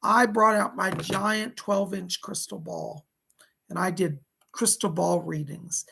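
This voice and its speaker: A hoarse man, who says he is losing his voice, giving live-streamed psychic readings in a chatty, folksy way and thanking viewers by name. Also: high voice, steady tone, slow pace, pushed and bright, a little hiss or hum, poor audio. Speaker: psychic medium.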